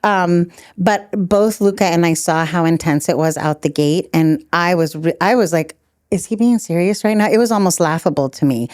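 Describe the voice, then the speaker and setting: A middle-aged woman telling stories as a podcast guest, animated, laughing often and acting out quotes. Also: deep voice, normal speed, few pauses, no echo, studio quality. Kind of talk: storytelling in a podcast interview.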